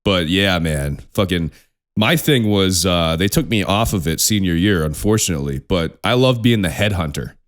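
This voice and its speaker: Animated, swearing young podcast host. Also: male voice, sits low, normal speed. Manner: animated, profane, laughs often. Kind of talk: casual chat.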